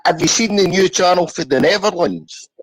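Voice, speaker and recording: A man's voice: high-pitched, lively intonation, moderate pace, no echo, low-quality recording. A man from England calling into a live stream, speaking hesitantly and stammering. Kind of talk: casual call-in chat.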